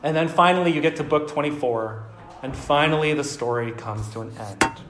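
A man's voice: fairly high pitch, normal speed, slight background noise. A man preaching a sermon, telling a story casually and talking with the audience. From United States. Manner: casual, lively storyteller who talks to the audience. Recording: echoey hall.

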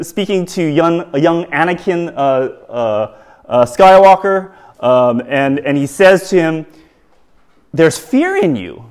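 A man preaching a sermon, halting, with many fillers and restarts and rhetorical questions to the audience. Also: fairly high pitch, a little mellow, clear, resonant tone.

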